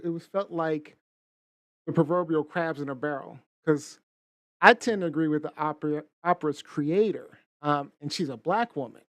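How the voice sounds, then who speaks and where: A man's voice: on the high side, no echo. A man with a slightly raised voice talks casually on a panel and lays out a different view. His sound is close and dry, with no room around it. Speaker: co-host.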